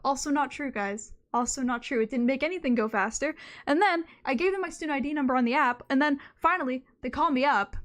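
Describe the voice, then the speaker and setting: Young woman, high voice, streamer, casual rambling story, self-mocking, swears. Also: quick pace, hardly any pauses, a bit bright. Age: young adult.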